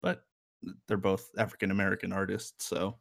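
A man with a fairly low voice talks through songs in a relaxed, rambling way. He leans on fillers and throws in wry asides, like a co-host in a casual music chat. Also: moderate pace, creaky.

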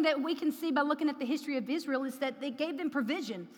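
High bright woman preaching in a hall. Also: fast. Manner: builds to loud emphatic preaching. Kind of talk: sermon with personal testimony. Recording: long hall reverb.

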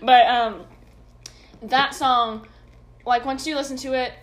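A woman's voice: sits high, fairly even intonation, slow. A young woman hosting a casual podcast, rambling through her list with lots of ums and giggles. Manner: rambling, many fillers, giggly. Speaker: podcast host. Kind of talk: casual chat.

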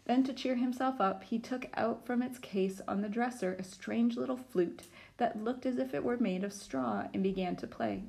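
A woman's voice: on the high side, moderate pace, vocal fry, a little mellow. A woman teacher reading a storybook aloud to children, with chatty asides to her listeners.

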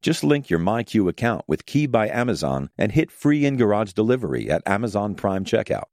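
A man voicing a chatty cardboard delivery package in an ad, with a chummy, jokey sales pitch. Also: very animated, brisk, darkish tone, dry recording, studio quality. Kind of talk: radio ad read.

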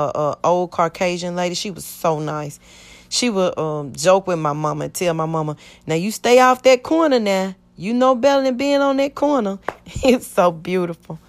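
Lower-voiced woman telling her testimony. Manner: earnest, rambling, acts out quoted speech. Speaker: church member giving testimony. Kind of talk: personal testimony storytelling.

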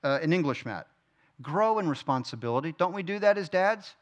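A man's voice: fairly high pitch, animated, fairly quick. A middle-aged man teaching a Bible study from a church stage, conversational, asking the room questions and answering them himself. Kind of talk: sermon.

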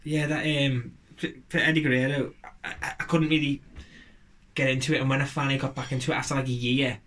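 A man's voice: medium pitch, level tone, fast, fairly bright tone. A man chatting on a podcast, rambling and joking with lots of fillers and restarts. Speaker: podcast co-host. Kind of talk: casual chat.

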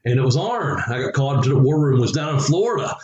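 A man's voice: mid-range voice, sing-song, fast, darkish tone, muffled recording. Rambling man in an echoey room. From Southern United States. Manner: rambling anecdotes with frequent chuckles and fillers. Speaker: guest, former pro wrestler. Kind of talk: casual storytelling interview. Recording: echoey room with faint ambience.

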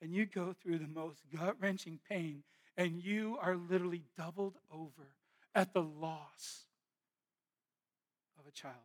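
A man in his thirties preaching a sermon, moving between hushed, intimate storytelling and loud, impassioned exhortation. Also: high voice, fairly even intonation, measured pace, long pauses. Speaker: pastor.

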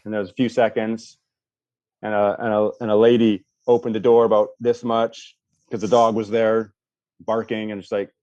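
Male podcast guest for a storytelling read, lively, voices quoted people, slightly muffled lo-fi audio. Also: fairly low pitch, normal speed, no echo. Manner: animated storyteller, acts out voices, frequent restarts. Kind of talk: storytelling in a casual interview. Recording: dull lo-fi dry sound.

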